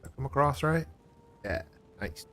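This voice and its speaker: A man's voice: mid-range voice, animated, moderate pace, sharp tone, soft background music. A man hosting a casual game livestream, chatting in a laid-back way and laughing often. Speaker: streamer.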